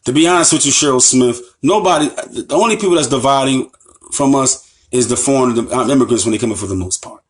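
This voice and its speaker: A man's voice: mid-range voice, quick pace. An American man giving an impassioned lecture as an Islamic teacher, emphatic and repetitive, with rhetorical questions to his listeners. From United States. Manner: emphatic, repeats phrases, asks the audience rhetorical questions.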